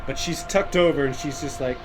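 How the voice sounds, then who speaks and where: A man's voice: fairly high pitch, fairly quick. A man running a tabletop horror game, describing scenes in a rambling way with frequent restarts. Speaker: game master.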